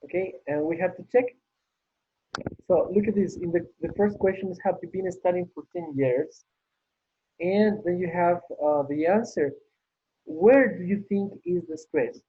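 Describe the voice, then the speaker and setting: A man's voice: high-pitched, unhurried, slightly rough. A man teaching an English class online, patiently repeating praise as he works through the exercises. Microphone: video call. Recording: tinny phone-like call audio.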